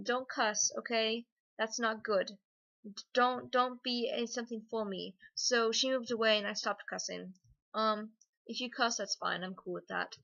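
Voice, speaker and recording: A woman's voice: medium pitch, creaky, bright, forceful tone, muffled recording. An American woman vlogging in a put-on British accent, bubbly and chatty, answering viewer questions with giggles. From United States. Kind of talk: casual Q&A vlog.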